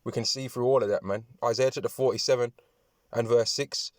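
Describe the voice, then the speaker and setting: A man preaching and reading scripture aloud, talking in repetitive, halting phrases with many restarts, often tagging lines with "man" and "right". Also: mid-range voice, steady tone, no room sound, studio quality. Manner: addresses listeners with "man" and "right". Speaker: religious speaker.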